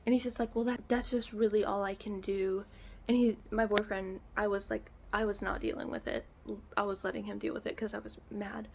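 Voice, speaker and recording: A woman's voice: medium pitch, flat delivery, a little fast, vocal fry, a little hiss or hum. Exasperated young woman ranting a storytime. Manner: exasperated ranting storytelling, acting out phone calls. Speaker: vlogger. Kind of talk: storytime vlog.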